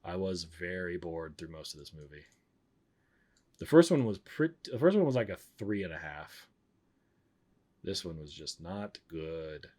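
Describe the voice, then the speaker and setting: His voice is low-pitched, animated, and darkish in tone, moving at a moderate pace. He's a streamer reviewing films in casual chat, blunt and rambling, who keeps breaking off his own sentences.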